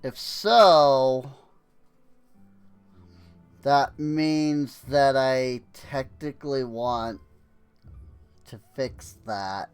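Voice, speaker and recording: A man's voice: medium pitch, very slow, long pauses, clean tone, faint music behind. A young man streaming a video game and chatting casually, rambling with many fillers, laughing often, his throat a little dry. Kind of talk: casual gameplay commentary.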